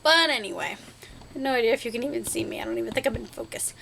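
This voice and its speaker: A woman's voice: a little high, sing-song, rapid-fire, creaky, background noise. A young woman vlogging to camera in a casual, rambling way, chatty and silly, joking at her own expense and making up playful words.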